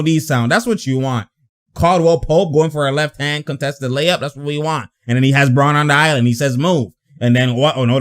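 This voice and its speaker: Brief: young male host, excitable reaction commentary, slangy, laughs a lot, somewhat high voice. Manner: animated, laughing, repeats phrases, slangy. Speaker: sports commentator.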